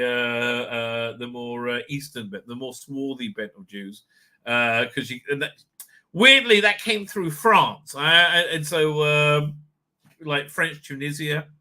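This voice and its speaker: A middle-aged man hosting a casual livestream, rambling excitably, swearing freely and laughing often. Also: on the high side, measured pace. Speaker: livestream host. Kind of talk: casual live chat.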